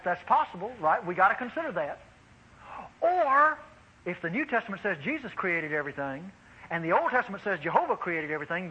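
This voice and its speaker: Animated preacher man on lo-fi radio. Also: sits high, breathy edge. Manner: animated, exclaiming, addresses congregation as beloved. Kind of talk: sermon.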